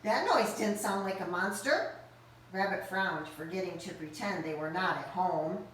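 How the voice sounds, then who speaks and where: A woman teacher reading a story aloud to children in an animated, expressive way and speaking directly to them. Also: fairly low pitch, normal speed, a little hiss or hum. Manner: animated and expressive, speaks straight to young listeners. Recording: roomy echo, mic at a distance.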